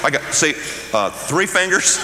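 A man doing stand-up storytelling, animated and acting out voices, recorded in an echoey hall with an audience. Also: a little high, moderate pace, noisy background. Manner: animated, acts out voices and screams. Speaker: comedian. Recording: echoey hall with live crowd. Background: audience laughter.

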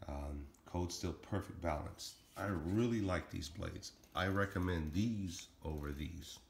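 A man's voice: low voice, gravelly. A middle-aged man casually showing and reviewing his throwing knives, rambling with lots of ums. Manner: rambling, many ums, talks fast and plainly. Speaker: knife-throwing hobbyist reviewing his blades. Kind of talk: casual show-and-tell vlog. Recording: echoey room with faint noise.

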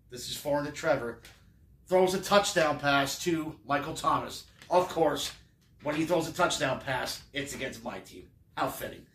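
Wry man with a gravelly voice. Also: medium pitch, a bit bright, reverberant, far from the mic. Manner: wry, sarcastic, rambling. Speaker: sports fan vlogger. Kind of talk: casual game recap.

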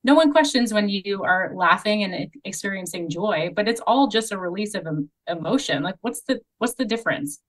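A woman's voice: medium pitch, expressive, normal speed, few pauses, far from the mic, poor audio. A woman guest on a podcast, talking casually and emphatically about her views.

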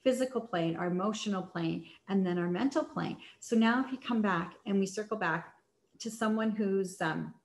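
A woman's voice: medium pitch, moderate pace. Woman sales coach rambling casually, lots of likes and ums, echoey room. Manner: chatty, many fillers and restarts. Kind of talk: casual teaching talk.

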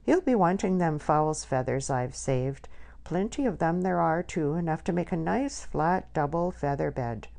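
A woman's voice: low voice, expressive, a little slow, gravelly, a little mellow, full character voice. A woman voicing a blunt, motherly older countrywoman who scolds in broad country dialect. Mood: teasing.

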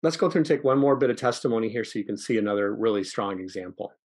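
A man's voice: lowish voice, animated, quick pace, darkish tone. A man presenting an online training session, coaching listeners on how to give testimony.

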